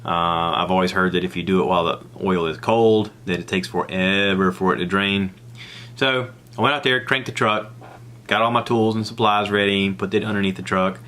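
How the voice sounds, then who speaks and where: Southern man, podcast host, casual solo storyteller; lowish but bright and forward tone, rambling and animated. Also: normal speed. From American South. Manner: rambling, animated, acts out others' lines in a high voice.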